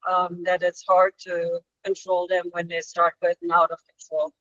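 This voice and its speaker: A man attending a webinar, asking questions in a hesitant, halting way. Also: high voice, completely flat delivery, bright, forceful tone, no room sound, dull audio. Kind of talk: casual questions on a video call.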